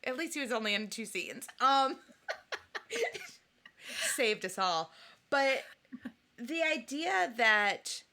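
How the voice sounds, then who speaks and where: A woman co-hosting a podcast in casual chat, animated and jokey, often acting out quotes from the film. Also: a little high. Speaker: podcast co-host.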